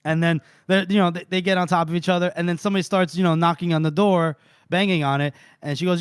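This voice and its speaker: A man's voice: sits high, fast talker, clear, resonant tone, no room sound. A man retelling a novel with relish, in a dry close sound. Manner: animated retelling, reading out and voicing quotes. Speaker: podcast co-host. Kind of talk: casual book-recap chat.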